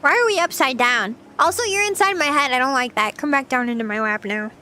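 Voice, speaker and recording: A woman's voice: sits high, animated, brisk, bright, forceful tone, a little hiss or hum. A young woman streaming casual chat, playful and chatty, often giggling as she reads her chat. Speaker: VTuber streamer.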